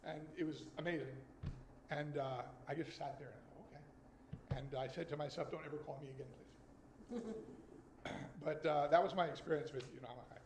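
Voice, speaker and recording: A man's voice: fairly high pitch, steady tone, a little hiss or hum. American man in his sixties, echoey sanctuary. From United States. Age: 60s. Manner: conversational, with slow deliberate reading. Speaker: speaker at a Friday night service. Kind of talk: personal story and poetry reading. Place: synagogue sanctuary. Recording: echoey room with faint ambience.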